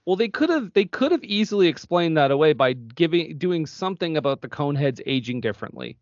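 A man co-hosting a movie podcast in casual chat, chatty and quick to laugh. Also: fairly high pitch, big pitch swings, darkish tone, dry recording. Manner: chatty, laughs often, wanders mid-thought. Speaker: podcast co-host. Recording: dull, dry podcast audio.

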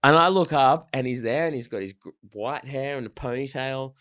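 A man, a band member telling stories loudly and animatedly, swearing freely in casual chat. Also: medium pitch, moderate pace, dry recording, studio quality. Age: 30s. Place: rehearsal studio.

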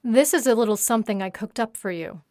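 A woman's voice: on the high side, quick pace, no room sound, clean studio sound, lightly acted. A woman voicing a scornful domineering captor. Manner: sharp, mocking and commanding.

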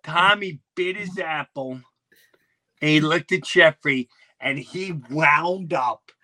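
With no room sound in the recording, a middle-aged comedian and podcast host takes his time recounting a childhood story. His fairly high, sharp-toned voice carries plenty of energy and acted-out sound effects.

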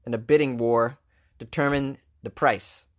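A man's voice: mid-range voice, fairly even intonation, a little slow. A man hosting a comedic news commentary, reading headlines and riffing on them sarcastically. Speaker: host.

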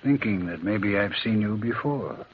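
A man's voice: fairly low pitch, animated, a little slow, husky. A man playing a strange, terse railway signalman in a 1940s radio drama, an old muffled recording. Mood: grave. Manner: terse and grave. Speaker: signalman and telegrapher.

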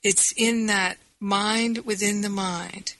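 Slow, bright-voiced woman teaching gently. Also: mid-range voice, steady tone, no echo, rough recording. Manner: slow, gentle, with restarts and quoted self-talk. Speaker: spiritual teacher. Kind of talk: reflective spiritual talk.

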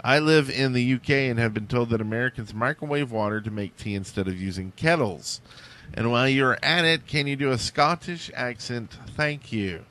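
A man's voice: mid-range voice, moderate pace, pushed and bright. A male podcast co-host in casual banter, tossing out absurd jokes. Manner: joking, absurd non sequiturs.

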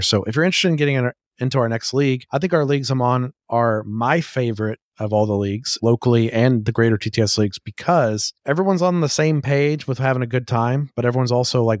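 A man's voice: mid-range voice, no room sound, clean studio sound. A man hosting a podcast, chatting casually and eagerly. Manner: eager, rapid, enthusiastic talk. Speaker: podcast host.

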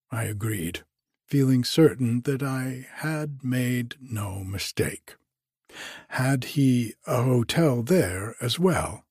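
A man reading a novel aloud as narrator, in a measured, expressive storytelling manner. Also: mid-range voice, breathy edge, no room sound, studio quality.

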